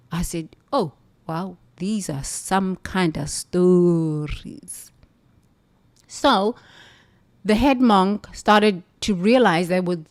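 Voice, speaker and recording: A woman from the United States, a former nun, telling a spiritual story in an emphatic, animated way. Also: on the low side. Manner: animated, emphatic, laughs between lines.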